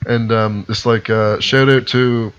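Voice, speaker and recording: A man's voice: on the low side, steady tone, unhurried, smooth. Rambling, enthusiastic podcast co-host man. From Labrador, Canada. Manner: rambling, enthusiastic, full of shout-outs. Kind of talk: casual chat. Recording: lo-fi podcast recording.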